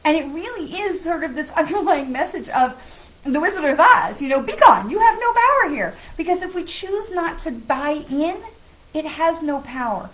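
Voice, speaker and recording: A woman's voice: high-pitched, moderate pace, a bit bright, poor audio. A woman hosting a live stream as a psychic medium, chatting earnestly with viewers and greeting them by name. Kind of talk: casual live-stream chat.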